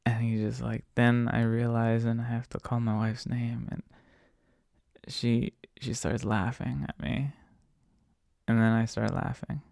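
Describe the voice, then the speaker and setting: A man's voice: mid-range voice, flat delivery, a little slow, creaky, darkish tone, no room sound, clean studio sound. A man telling a story in a casual, profane, laid-back way as a podcast host, retelling a conversation with a passenger.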